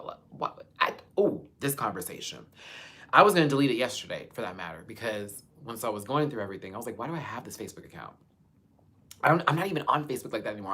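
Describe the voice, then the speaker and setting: A man's voice: mid-range voice, sharp tone. A man hosting a casual live-stream chat who talks chattily and expressively, swears freely and addresses his viewers as y'all while sitting in a chair at home. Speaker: channel host.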